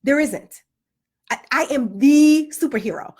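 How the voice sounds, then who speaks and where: Emphatic, high-pitched woman holding forth. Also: expressive, moderate pace, a bit bright. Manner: emphatic, repetitive, preachy. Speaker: parent telling a story. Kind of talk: casual storytelling monologue.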